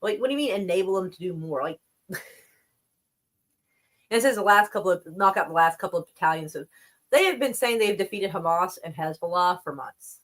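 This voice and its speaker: On a relaxed live stream, a woman reads the news aloud and reacts with foul-mouthed sarcasm and frequent laughter, rolling and smoking cigarettes throughout. She speaks fairly quickly with a fairly low, expressive, bright-toned voice and pauses often.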